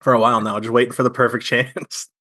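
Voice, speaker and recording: A man playing a tabletop role-playing game, talking in a relaxed way with many fillers. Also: mid-range voice, fast. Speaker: player. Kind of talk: casual tabletop game chat.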